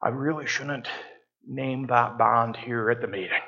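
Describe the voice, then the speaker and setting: A man voicing an older, conservative Scottish gentleman with a Scottish accent who talks in a hushed, hesitant way, on a muffled recording. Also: medium pitch, steady tone, measured pace, vocal fry, pitched below the performer's own voice.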